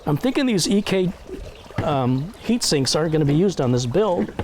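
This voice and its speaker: A man's voice: fairly high pitch, sing-song, moderate pace, a little mellow, a little hiss or hum. A man hosting a live stream in a casual, chatty way, reading viewer messages aloud and joking at his own expense. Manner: self-deprecating joking.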